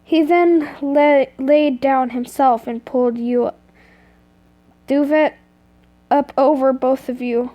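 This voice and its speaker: Sex: woman. Style: reading a story aloud. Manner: stumbling, self-correcting, slow. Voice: high and mellow. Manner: stumbles and corrects herself often. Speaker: reader of fan fiction.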